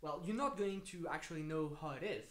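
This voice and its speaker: A man's voice: on the high side, a little fast. A man with a French accent, a native French speaker, chatting casually with viewers on a live stream while he builds, rambling and hesitant. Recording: echoey room with faint noise.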